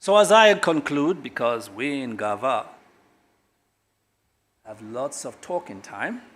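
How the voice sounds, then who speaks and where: A middle-aged man giving a public speech as a government official, emphatic and dramatic, with big swings in pitch and loudness and long pauses. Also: sing-song. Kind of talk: public speech at a corporate launch.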